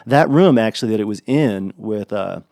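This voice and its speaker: Male podcast co-host, gravelly, dry close mic, blunt and enthusiastic. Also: on the low side, animated, normal speed, warm tone, no room sound. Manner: blunt, enthusiastic, frequent fillers and restarts. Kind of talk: casual chat.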